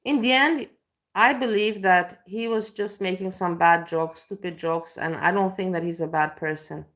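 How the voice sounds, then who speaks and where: A woman's voice: on the low side, normal speed, fairly bright tone. A young adult woman live streamer chatting casually, who swears often and gets worked up and emotional. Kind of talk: casual reaction chat.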